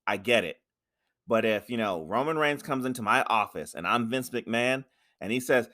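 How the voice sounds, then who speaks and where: A man co-hosting a casual podcast, ranting loudly with lots of swearing and restarts. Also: medium pitch, animated, normal speed. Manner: ranting, profane, repeats himself. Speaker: podcast co-host. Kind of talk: casual wrestling chat.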